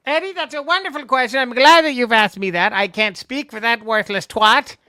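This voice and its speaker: A man voicing a crude, boastful male skeletal villain sorcerer in a vulgar trash-talking rant, with a shrill gravelly cackle. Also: a little fast, sharp tone, no echo, clean studio sound, full character voice. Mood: gloating, vulgar.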